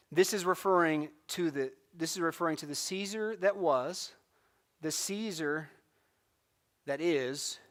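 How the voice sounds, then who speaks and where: A man's voice: a little high, fairly bright tone. A middle-aged man from California teaching a church Bible class, telling stories with acted-out quotes and laughs. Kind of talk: casual Bible lesson.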